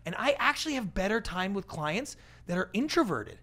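A man speaking as a guest in a conversational podcast interview, an animated storyteller with a big, energetic personality who acts out what people said. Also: high-pitched, fairly quick. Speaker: guest, pitch coach and TV producer.

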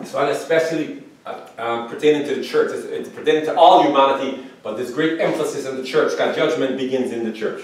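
A man's voice: brisk, a little hiss or hum. A male pastor preaching a sermon, reading scripture aloud and often asking the congregation "Amen?". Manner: preaching, rises loud and high reading scripture. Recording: echoey hall from far off.

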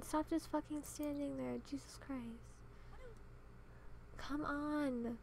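A young woman with a high voice talks over her game at a home desk mic, casual and exasperated. She mutters at the characters and complains openly. Faint noise sits under the recording. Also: steady tone, takes it slowly, vocal fry, darkish tone. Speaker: gaming channel host. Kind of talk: casual gameplay commentary.

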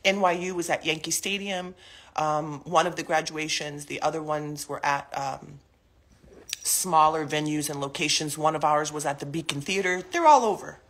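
A woman's voice: sits low, moderate pace. A woman in her forties speaking casually and emotionally from her living room, defending her family in a rambling live video. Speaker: mother addressing the public.

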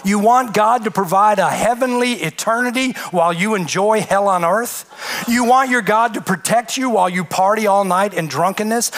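Male pastor, high voice, emphatic sermon delivery with rhetorical questions. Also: fairly bright tone.

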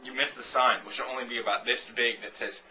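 A man's voice: medium pitch, fairly even intonation, fast, pushed and bright, a little hiss or hum, poor audio. A man in his twenties talking casually to camera. He rambles through a comic, sarcastic rant and swears freely. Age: 20s. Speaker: vlogger answering a viewer question.

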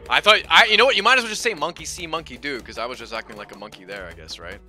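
Animated, bright-voiced streamer man. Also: fairly high pitch, racing. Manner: swearing, rambling, switching between loud outbursts and mumbling. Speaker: game streamer. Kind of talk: casual live-stream commentary. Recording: faint game music behind.

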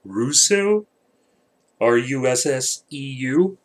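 A man's voice: medium pitch, normal speed, a bit bright. Rambling, swearing male vlogger. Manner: rambling, profane, joking. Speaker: channel host. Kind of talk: rambling late-night channel update.

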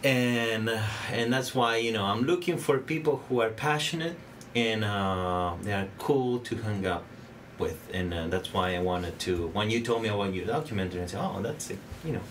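A man with a Spanish accent hosts a relaxed interview podcast. His voice sits on the low side and he circles his questions with fillers and restarts. Clear background noise hangs in the room. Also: moderate pace, few pauses. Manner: hesitant, many fillers and restarts. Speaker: podcast host. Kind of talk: casual interview chat.

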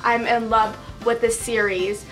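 A young woman talks straight to her viewers in an excited casual vlog. Her voice sits high and sounds bright and forceful. She gushes, giggles often and leans on "like" between thoughts. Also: unhurried, faint music behind. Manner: gushing, giggly, fills with "like". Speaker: book vlogger.

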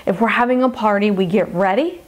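A woman hosting a cooking demonstration as a dietitian, bubbly and gushing with excitement. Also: mid-range voice, fairly quick. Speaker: dietitian cooking show host.

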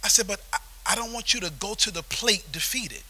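High, bright-voiced pastor preaching. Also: male voice, a little fast, breathy edge. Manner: animated storytelling preaching that swells into shouting. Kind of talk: sermon. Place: church sanctuary.

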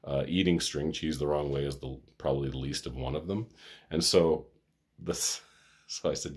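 A middle-aged man tells a long, wandering story in a personal vlog. His voice sits extremely low, with a rough, husky edge. He laughs often and swears without care. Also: normal speed. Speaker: vlogger.

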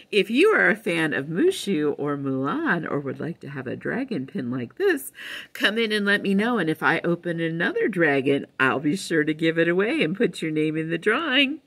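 Female librarian host for kids; lively, bright, storytime delivery. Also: low voice. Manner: slow, storytime-like narration addressed to kids; bursts into squealing excitement. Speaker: children's librarian. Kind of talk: children's unboxing show.

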